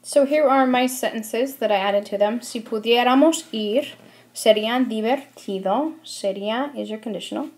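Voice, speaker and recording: A woman walks students through Spanish verb forms in a friendly, explanatory way. She pauses on ums now and then and keeps a teacher's easy pace. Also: a little high, a little mellow. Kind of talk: classroom lesson narration over slides.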